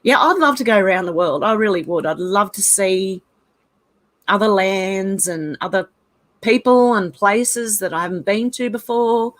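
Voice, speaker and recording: A woman's voice: mid-range voice, normal speed. A woman from Ireland raised in Australia, with an Australian accent, chatting casually and laughing often as she reads out viewer comments. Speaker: channel host reading viewer comments. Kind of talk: casual livestream chat.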